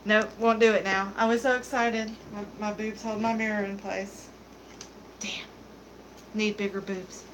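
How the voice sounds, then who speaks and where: A woman's voice: medium pitch, flat delivery, a little slow, slight background noise, low-quality recording. A young adult woman hosting a beauty livestream, chatting casually with viewers in a giggly, candid, joking way. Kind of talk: casual livestream chat, reading viewer comments.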